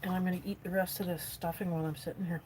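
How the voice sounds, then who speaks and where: Speaking very fast in a flat, darkish voice, a vanlife vlogger chats casually on a live stream from her camper van, addressing her viewers and her dogs. Her pitch jumps high when she speaks to the dogs. The low-quality recording has a little hiss or hum.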